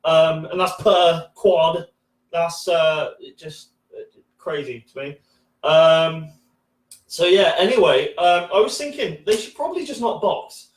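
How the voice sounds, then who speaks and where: A man in his thirties doing a debut stand-up set, rambling and halting with lots of fillers, restarts and swearing. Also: a little high. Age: 30s. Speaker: stand-up comedian. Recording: echoey room from a distance.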